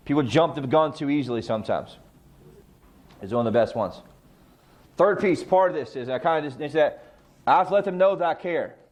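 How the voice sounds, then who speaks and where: A middle-aged man leads a real estate training session, his voice sitting a little high for a man. He talks straight to the group, tossing out rhetorical questions and answering them himself. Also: darkish tone. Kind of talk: training talk.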